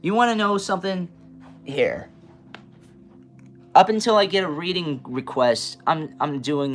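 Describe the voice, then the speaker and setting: Animated, stuttering man with faint music. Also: on the high side, a little slow, pauses often. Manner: animated and passionate, stutters and restarts often. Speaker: live stream host giving readings. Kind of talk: casual live-stream rant. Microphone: camera mic, moves the camera around.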